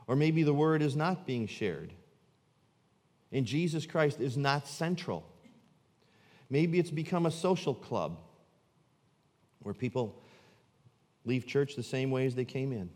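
A man preaching a sermon as pastor, swinging from loud, emphatic lines to low, hushed ones. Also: expressive, unhurried, long pauses, in a large hall.

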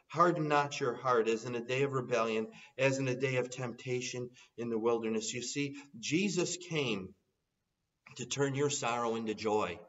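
A man's voice: mid-range voice, moderate pace, a bit bright. A man preaching a sermon, quoting scripture in an earnest voice and rising into urgent appeals. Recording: dull sound from some distance off.

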